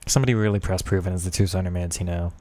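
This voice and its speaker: Low, mellow-voiced male game streamer. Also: steady tone, very fast. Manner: frustrated, mutters at the game, chats with viewers. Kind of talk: casual gaming commentary.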